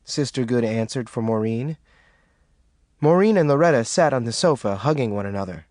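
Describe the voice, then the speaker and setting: A man narrating an audiobook with expressive scripted reading. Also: medium pitch, moderate pace, no room sound, studio quality.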